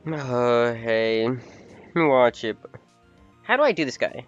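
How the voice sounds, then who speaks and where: A man gives casual, joking, self-mocking commentary while streaming a game. His voice is smooth and his pace slow, and the dry, slightly dull audio has faint music under it. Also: medium pitch, sing-song.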